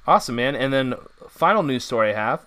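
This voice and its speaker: A man hosting a gaming podcast runs through the news in a loose, rambling way, full of "um"s. His voice is bright and smooth. The sound is close and dry. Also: mid-range voice, animated, fast talker, no room sound. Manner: rambling, filler-heavy, upbeat. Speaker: podcast host. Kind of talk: casual gaming news chat.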